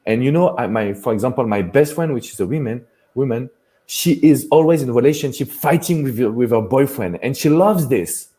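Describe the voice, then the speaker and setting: A man's voice: medium pitch, expressive, brisk, warm tone. A man with a French accent, a dating coach talking earnestly in a live chat, often restarting his phrases. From France.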